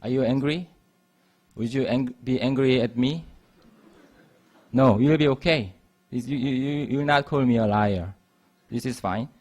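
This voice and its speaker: Male university lecturer, mid-pitched voice, patient and repetitive classroom explaining. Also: unhurried, long pauses, a little mellow. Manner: repeats and restarts phrases while explaining.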